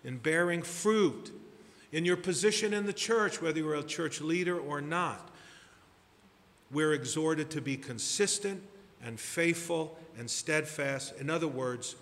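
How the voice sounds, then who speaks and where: A man preaching a sermon as pastor, deliberate and emphatic, building to stressed repeated phrases. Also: on the high side, fairly bright tone, in a large hall.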